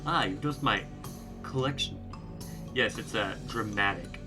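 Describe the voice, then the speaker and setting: A man's voice: lowish voice, natural voice. A man doing a creepy grinning innkeeper. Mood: creepy cheerful. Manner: slow, oddly emphasized words. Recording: game music playing underneath.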